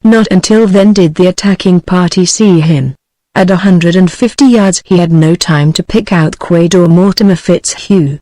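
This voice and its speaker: A synthetic text-to-speech voice of a woman with a British English accent, narrating a novel in a steady, even, machine-like delivery. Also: lowish voice, moderate pace, no echo, low-quality recording. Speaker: audiobook narrator.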